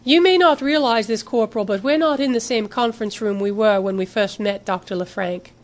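A woman voicing a sharp, dry woman scientist. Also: fairly high pitch, a little fast, natural voice. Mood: dryly precise.

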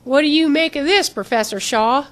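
A woman's voice: high-pitched, normal speed, a bit bright, voice pushed up. A woman voicing a blunt, practical young male army corporal who talks in a plain, grumbling way.

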